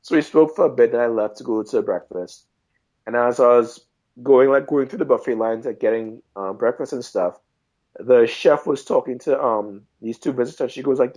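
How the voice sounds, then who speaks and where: A man's voice: mid-range voice, moderate pace. Man telling travel stories. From Trinidad and Tobago. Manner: animated, acts out quoted voices. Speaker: guest. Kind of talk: casual storytelling chat.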